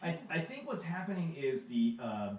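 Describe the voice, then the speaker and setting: A man's voice: a little high, sing-song, moderate pace, darkish tone, far from the mic, slight background noise. Brief: man podcast co-host, Southern Californian accent, loose rambly delivery, recorded off-mic in a roomy space with faint ambience. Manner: rambling, many fillers and restarts. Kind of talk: casual chat.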